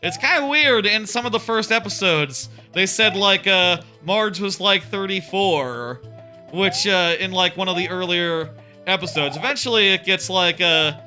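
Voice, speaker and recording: Man in his thirties, slightly high voice, live-stream chat, filler-heavy, rambling. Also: unhurried, sharp tone, soft background music. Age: 30s. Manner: rambling, many fillers and restarts. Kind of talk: casual live-stream chat while playing.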